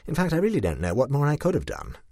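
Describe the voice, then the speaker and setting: A man reading a short story aloud in a dry, wry, expressive manner. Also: on the high side, fast, no echo.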